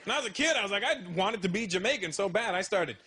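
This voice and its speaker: A man's voice: high voice, animated, quick pace, husky. A man doing a stand-up routine, brash and teasing, laughing between jokes on a live stage. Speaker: stand-up comedian. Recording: live show with loud audience.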